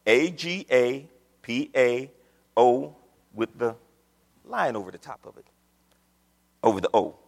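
A man preaching a sermon in a church with a folksy manner, his pitch leaping up on questions. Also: expressive, slow, gravelly, pauses often, husky, long reverb tail. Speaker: pastor. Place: church sanctuary. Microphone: microphone on a stand.

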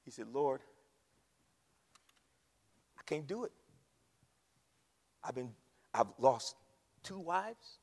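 A man preaching a sermon, swinging from hushed storytelling to shouted climaxes. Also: medium pitch, big pitch swings, very slow, gravelly, long pauses. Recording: long reverb of a large hall.

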